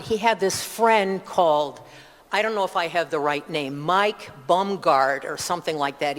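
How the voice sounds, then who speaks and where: A woman's voice: on the low side, in a large hall. Older upstate New York woman, rambling testimony. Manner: digressive, chatty, with asides and self-corrections. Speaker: church member giving testimony. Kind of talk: personal testimony, rambling storytelling. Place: church.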